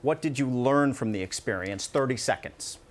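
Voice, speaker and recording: A man's voice: medium pitch, lively intonation, moderate pace. A male news anchor moderating a live TV debate, firmly keeping the speakers on time. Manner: firm, keeps time, interrupts. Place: TV studio.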